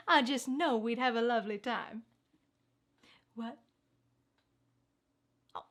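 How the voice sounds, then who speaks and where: A woman's voice: a little high, slow, long pauses, a bit bright. A woman hosting a satirical news sketch, moving from a theatrical newsreader delivery into playful, chatty asides. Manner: playful, chatty asides between read-out stories. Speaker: comedic news anchor.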